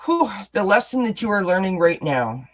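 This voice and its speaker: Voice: mid-range voice, rough recording. A tarot card reader giving a casual live-streamed reading, chatty and encouraging, with self-deprecating asides between cards. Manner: chatty, encouraging, responds to chat comments.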